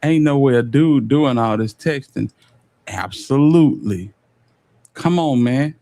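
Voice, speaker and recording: A man with a Southern US accent, reacting on a live stream in casual, slang-heavy commentary, animated and exasperated. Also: medium pitch, a little slow, no echo. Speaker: streamer reacting to a court case.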